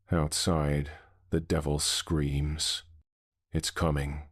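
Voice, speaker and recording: A man narrating a scripted horror story in a measured, somber way. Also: rumbling low, little pitch movement, dry recording, studio quality.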